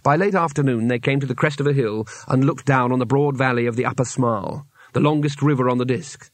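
A man reading an audiobook aloud in a measured storytelling manner with wry timing. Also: medium pitch, no room sound. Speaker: audiobook narrator. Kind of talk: scripted narration.

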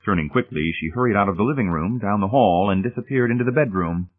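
A man with a husky voice narrating a story, reading steadily and shifting voices for the characters. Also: sits low, fast talker, few pauses. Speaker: audiobook narrator. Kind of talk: scripted narration. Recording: tinny phone-like audio.

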